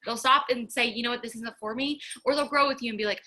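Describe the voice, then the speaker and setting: A woman's voice: a little high, steady tone, quick pace, pushed and bright, low-quality recording. A young woman, giving a casual, earnest faith talk to her viewers, chatty with many fillers. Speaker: faith vlogger.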